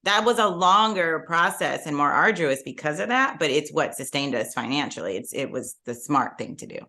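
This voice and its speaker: A middle-aged woman with a low voice tells her story on a casual podcast. She laughs easily, and her pitch springs up when something amuses her. Her talk is warm and candid, with lots of loose fillers. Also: normal speed. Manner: lively storyteller, laughs often, jumps high when amused. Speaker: guest entrepreneur.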